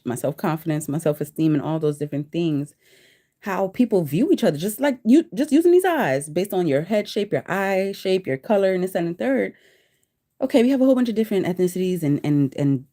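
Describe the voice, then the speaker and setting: A woman in her thirties hosting a casual livestream chat, reading search results aloud to viewers, laughing often and sounding out hard words slowly. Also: lowish voice, animated, dark tone. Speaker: livestream host.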